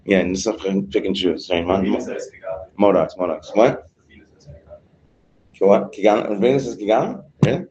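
A man's voice: on the low side, moderate pace, pauses often, highs cut off, crowd noise. Man teaching a Torah class. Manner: reads Hebrew lines, then translates into English; banters with students.

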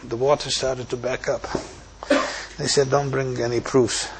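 Brief: male Talmud teacher, animated storyteller, mid pitch, faint background noise. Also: a little slow. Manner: animated retelling, quoting Hebrew and Aramaic then translating.

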